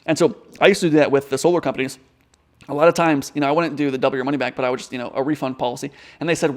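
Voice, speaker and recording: A man's voice: medium pitch, fairly even intonation, very fast. A man coaching viewers in a casual advice vlog, with direct, conversational talk. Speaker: online business coach.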